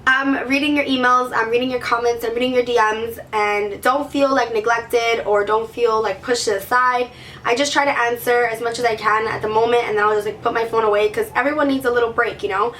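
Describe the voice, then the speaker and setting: Beauty vlogger girl, sick, sore throat, kinda high voice, says like a lot, mic a bit far off. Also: fairly even intonation, a little fast, a bit bright, slight background noise. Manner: chatty, peppered with "like", gushing. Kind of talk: casual chat to camera.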